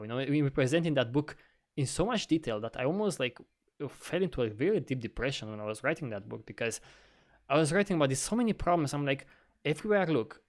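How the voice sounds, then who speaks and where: Animated, swearing man co-hosting. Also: mid-range voice. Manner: animated, swearing, laughs often. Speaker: podcast co-host. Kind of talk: casual podcast conversation.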